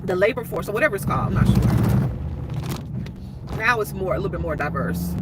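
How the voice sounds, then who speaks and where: A woman, chatting casually to a livestream audience and acting out other people's lines in a higher voice. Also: wildly swooping pitch, moderate pace, pauses often. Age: 30s. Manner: chatty, acts out quoted people in a high voice. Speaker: vlogger. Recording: loud car and street noise.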